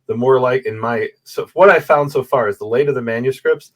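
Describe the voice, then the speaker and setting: A man talks through his research as a guest on a video call, mid-pitched and animated. He explains step by step and keeps checking in with his listener. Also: brisk. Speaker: guest, Bible manuscript scholar. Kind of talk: explanatory conversation. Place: room with a bookshelf photo backdrop.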